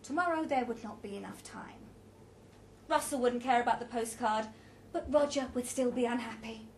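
A woman's voice: a little high, normal speed, a little hiss or hum. A woman reading a story aloud with a dramatic, varied delivery.

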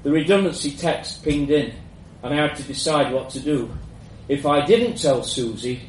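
Male narrator, mid pitch, measured reflective story reading, roomy sound from a distance. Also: expressive. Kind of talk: first-person story reading. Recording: roomy echo, mic at a distance, faint background hum.

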